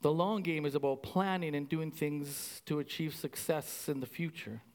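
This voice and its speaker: A man from Canada preaching a casual, animated sermon to his congregation, repeating himself and saying "like" often. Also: fairly high pitch, moderate pace, long reverb tail. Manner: animated, conversational, repeats phrases with many "like"s. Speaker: pastor.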